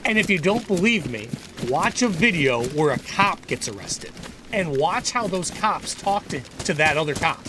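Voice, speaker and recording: A man's voice: fairly high pitch, expressive, normal speed, noisy background. A man chatting casually on a gaming livestream. He is earnest and opinionated, and he rambles with frequent restarts. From United States.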